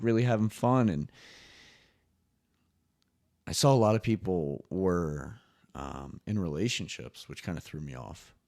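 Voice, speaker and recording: A young man with a lowish voice talks on his own podcast in a loose, rambling solo monologue. He swears freely and breaks into laughter at his own jokes, recorded dry and close with no room sound. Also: darkish tone, no echo. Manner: rambling, profane, laughs often. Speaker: podcast host.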